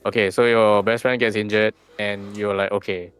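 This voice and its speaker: A man with a low, smooth, resonant voice guides a player through building a character in a relaxed tabletop session. He muses aloud and hums little filler syllables while he thinks. Soft music plays faintly behind him. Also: normal speed. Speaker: game master. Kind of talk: casual tabletop session chat.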